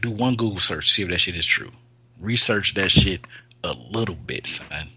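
A man's voice: low-pitched, animated, normal speed, pushed and bright, breathy edge, no echo. A man in casual podcast banter, loose and profane, laughing often and getting riled up. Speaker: co-host.

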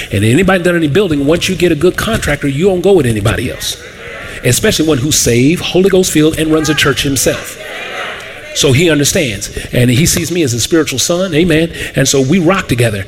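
A man pastor preaching in a lively storytelling sermon, acting out the voices of the people he quotes. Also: mid-range voice, a little hiss or hum. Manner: animated, acts out quoted voices, laughs often.

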